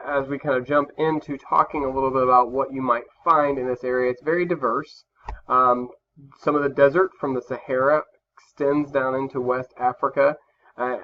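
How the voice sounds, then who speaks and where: A male teacher giving a recorded classroom lesson over slides, talking casually with many fillers and restarts. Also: medium pitch. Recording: slightly dull lo-fi recording with faint background hum.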